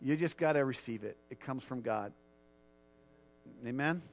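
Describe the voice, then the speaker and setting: A man's voice: mid-range voice, a little slow, slight background noise. A man preaching a sermon as pastor and leading a prayer, earnest and repetitive, often restarting his sentences.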